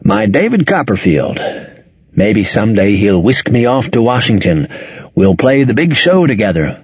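A man's voice: on the low side, big pitch swings, normal speed, slightly rough, no echo, lo-fi sound. A man doing a wry, cynical heavyset guy. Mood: mocking. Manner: wry, sardonic banter.

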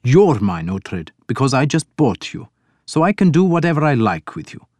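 A man voicing a bold, loud Danish warlord who talks bluntly, teasing and threatening in turn. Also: mid-range voice, very animated, moderate pace, dry recording, pitched above the performer's own voice. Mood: gruff teasing.

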